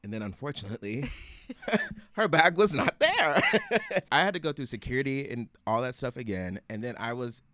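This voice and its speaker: A man's voice: medium pitch, lively intonation, normal speed, fairly bright tone, dry recording, studio quality. A young man, a guest on a casual podcast chat, telling a story in a sassy, playful way. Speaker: guest, best friend. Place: hotel room floor.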